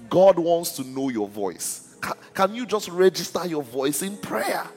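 Pastor, man, fairly high voice, sermon style, stammers and checks in with the crowd; echoing hall. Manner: repeats "are you listening" to the congregation; stammers and restarts words. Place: church.

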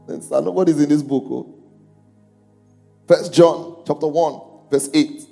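A pastor preaches in a church, his voice on the high side with lively intonation, a slow pace, vocal fry, long pauses, and a dark tone. He calls out questions to the congregation, who read along, and lifts his voice for scripture. Music plays under the echo of a long hall.

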